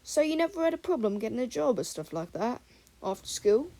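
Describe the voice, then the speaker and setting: A woman voicing a shy teenage boy wizard, quiet and hesitant. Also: fairly high pitch, sing-song, brisk, voice pushed up.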